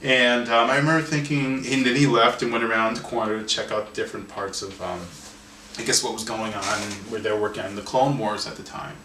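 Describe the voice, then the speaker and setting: A man, an artist and author, telling a story in an interview in an animated way, often restarting and repeating words. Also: lowish voice, fairly quick, noisy background. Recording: roomy sound from a distance, faint ambience.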